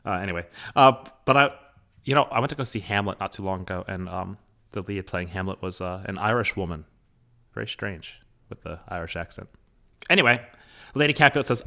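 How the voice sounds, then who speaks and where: A male teacher recording a lesson into a microphone, chatty and full of fillers and asides. His voice sits a little low but sounds bright and forceful. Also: fairly quick. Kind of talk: recorded class lesson, reading a play aloud.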